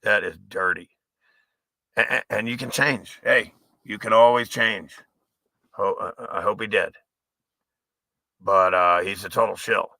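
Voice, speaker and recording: Profane ranting man, gravelly voice. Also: on the low side, steady tone, unhurried, long pauses, no echo. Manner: profane, angry, rambling, sometimes shouting. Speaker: livestream host. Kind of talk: livestream rant.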